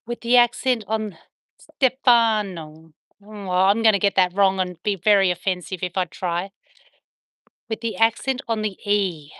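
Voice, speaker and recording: An Australian woman talks casually with her livestream viewers, answering their comments in turn. Her voice is bright and clear, and the sound is dry and close. Now and then she drops into soft baby talk for her dogs. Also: medium pitch, a little slow, dry recording. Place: at home on a veranda.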